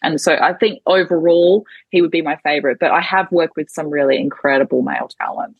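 A woman's voice: low-pitched, fairly quick, vocal fry, husky, dry recording, dull audio. An Australian woman chatting casually as a podcast guest, giggly and a bit self-deprecating. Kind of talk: casual interview chat.

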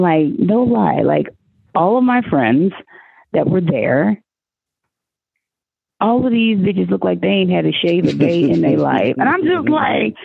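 A woman from Oklahoma telling a story in slangy, animated casual chat, acting out quotes in a high voice. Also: gravelly, breathy edge, no room sound. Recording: dry phone-like line.

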